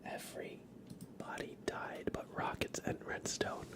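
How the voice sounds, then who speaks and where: A man hosting a live ASMR stream, giving whispered livestream commentary in a soft, low-key voice with a stuffy nose, close on the mic. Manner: soft whisper, slow and low-key, cheering on chat viewers.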